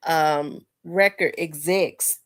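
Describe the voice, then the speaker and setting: A woman in her forties hosting a casual livestream, rambling with fillers and restarts, talking to viewers as y'all, congested and clearing her throat. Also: low-pitched, steady tone, very slow, fairly bright tone. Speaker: livestream host. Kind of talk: casual livestream commentary, reading chat.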